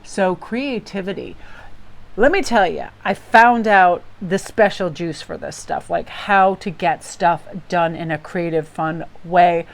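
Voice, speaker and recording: A woman's voice: lowish voice, unhurried, vocal fry. A woman giving a casual daily tarot reading from home, upbeat and chatty, rambling through stories and laughing often. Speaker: tarot reader. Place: home workspace with table.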